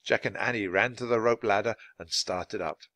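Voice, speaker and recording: A man narrating a children's chapter book in a clear, steady reading voice. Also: lowish voice, normal speed, dry recording. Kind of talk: scripted storybook narration.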